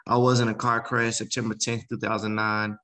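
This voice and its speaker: A man, a guest speaker in an interview, telling his story in a casual, animated way and acting out other people's voices. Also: fairly low pitch, a little fast, poor audio. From Memphis, Tennessee. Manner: animated, acts out quoted voices.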